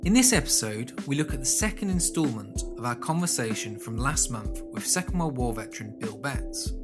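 A man presents the opening of a podcast episode, reading from a script in a clear, measured tone. His voice sits at an ordinary middle pitch, and music plays beneath him. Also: lively intonation. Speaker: podcast host. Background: background music.

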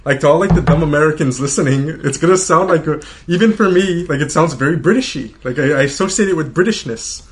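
A man's voice: a little high, quick pace, hardly any pauses. A man hosting a casual podcast in an office conference room, rambling and joking at his own expense. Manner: rambling, joking, self-deprecating. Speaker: podcast host.

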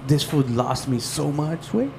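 A man's voice: a little high, expressive, moderate pace, creaky, a little mellow, slight background noise. A man, telling rambling, profane stories in casual podcast chat and mixing in Spanish slang. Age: 30s. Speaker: podcast host.

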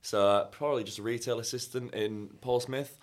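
A man's voice: medium pitch, fairly even intonation, fairly quick. A young man hosting a podcast in casual chat, teasing his guest and laughing often. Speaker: podcast host.

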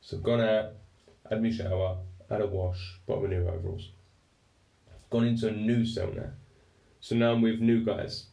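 A young man telling a story in a casual, animated and self-mocking way. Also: fairly low pitch, normal speed, vocal fry, pauses often. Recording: roomy and distant mic.

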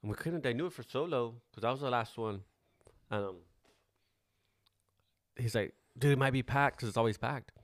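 A podcast host in his forties chats casually, relaxed and rambling, his stories peppered with swearing. He talks at normal speed with long pauses in a medium-pitched voice. There's no room sound.

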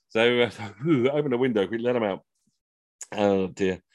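A middle-aged man telling comic anecdotes on a video call, animated and slipping into funny voices for the people in his stories. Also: mid-range voice, normal speed, no echo. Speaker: costumed Henry VIII entertainer telling stories.

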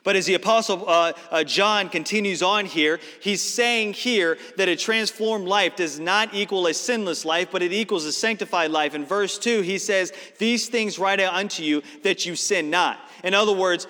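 A man's voice: sits high, moderate pace, hardly any pauses, pushed and bright. A man preaching a sermon to an auditorium, teaching scripture in an explanatory, emphatic way. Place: large auditorium. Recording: reverberant hall.

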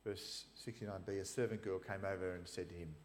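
A man's voice: low voice, fairly even intonation, a little fast, slight background noise. A man preaching a sermon, retelling scripture in an emphatic, storytelling way with casual asides. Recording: long reverb of a large hall.

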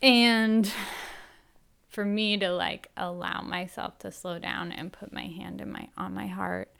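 A woman hosting a talk show, speaking in a candid, self-reflective personal monologue with a gentle, soothing manner. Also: mid-range voice, steady tone, slow, creaky, clean tone.

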